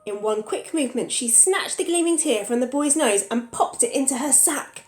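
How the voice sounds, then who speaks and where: A woman teacher reading a picture book aloud to young children, pausing to ask them questions. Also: high-pitched, expressive, darkish tone, roomy sound.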